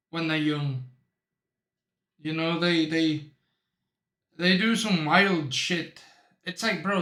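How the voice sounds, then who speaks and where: A young man with a high, bright voice tells loose, unhurried stories in a relaxed chat. He laughs a lot and keeps throwing in bro. The room around him sounds echoey. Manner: rambling storytelling, laughs often, says bro. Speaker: reaction streamer. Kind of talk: casual chat.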